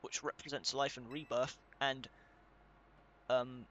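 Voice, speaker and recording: A man's voice: medium pitch, fairly even intonation, takes it slowly, fairly bright tone, a little hiss or hum. A young man giving casual commentary while reading game text aloud, swearing now and then and stumbling over hard names. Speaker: let's play gamer.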